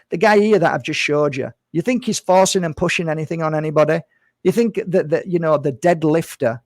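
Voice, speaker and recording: Brief: male vlogger, higher-pitched, dry close sound, loose earnest monologue full of repeats. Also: no room sound. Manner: earnest and rambling, repeats phrases, addresses viewers as guys. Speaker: spiritual healer and vlogger. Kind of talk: casual talk to camera.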